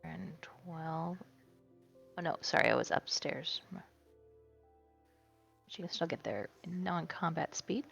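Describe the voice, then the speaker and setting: A woman's voice: low voice, expressive, takes it slowly, vocal fry, pauses often, fairly bright tone, breathy edge, muffled recording, faint music behind. A woman playing a tabletop game, describing her character's moves in an easygoing, self-correcting way. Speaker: player.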